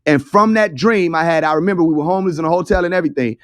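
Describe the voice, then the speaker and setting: A man's voice: a little high, racing, dry recording, clean studio sound. A young man hosting an online audio room, telling a story in a loose, chatty, profane way. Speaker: host of an audio chat room. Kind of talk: casual storytelling talk. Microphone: phone in an online audio room.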